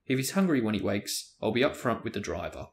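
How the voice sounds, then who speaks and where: A man reading aloud, voicing a plump, kindly woman selling food in a gentle, reassuring way. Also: lowish voice, sing-song, brisk.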